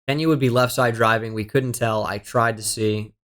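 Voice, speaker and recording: Steady in tone and at normal speed, a young streamer with a fairly bright, mid-range voice commentates the game he's playing. He mumbles guesses half to himself, swears often, and sounds exasperated and self-deprecating over his mistakes.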